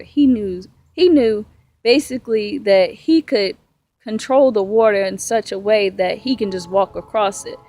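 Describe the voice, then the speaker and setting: A woman's voice: mid-range voice, dark tone. Earnest woman preaching a casual sermon. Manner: earnest, encouraging, conversational, acts out everyday prayers. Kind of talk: devotional sermon.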